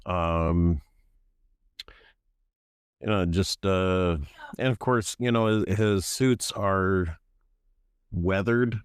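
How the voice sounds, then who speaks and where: A man describing his character at a tabletop game. His voice is very deep, and he speaks slowly, with lots of uhs and ums. The sound is dry and close. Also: clean tone, no room sound. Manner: hesitant, many fillers. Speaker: player.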